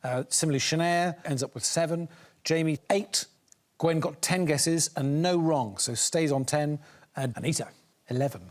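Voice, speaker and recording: A man's voice: a little high, moderate pace. A man assisting on a comic game show, reading out scores in a dry, mild way and chuckling between lines. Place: TV studio with live audience. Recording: studio audience noise behind.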